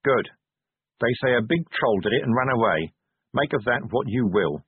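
A man's voice: mid-range voice, expressive, normal speed, husky, no echo. A man voicing a blunt, cynical middle-aged police commander in an audiobook. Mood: gruff. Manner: blunt and cynical, sharp retorts. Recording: tinny narrow-band audio.

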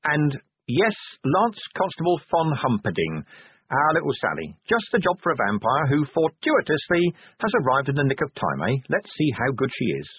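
A weary middle-aged male police commander, blunt and cynical, snapping back short retorts, as a male narrator puts him on. His husky voice swings widely in pitch. The sound is dry and tinny, like narrow-band audio. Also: big pitch swings, moderate pace, no room sound. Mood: gruff.

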